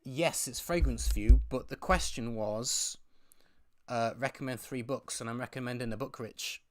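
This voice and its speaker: A man's voice: mid-range voice, normal speed. Man, live stream host, casual storytelling, rambling, restarts mid-sentence, mid-range voice. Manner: rambling, chatty, frequent restarts.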